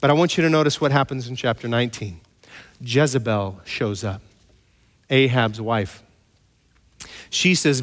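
A man preaching a sermon, retelling scripture as lively storytelling with playful asides and mock voices. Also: mid-range voice, moderate pace. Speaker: pastor. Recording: long hall reverb.

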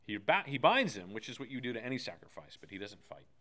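A man's voice: medium pitch, very animated, fast talker, sharp tone. A pastor in his thirties preaching a sermon, telling a personal story in an earnest, emphatic way.

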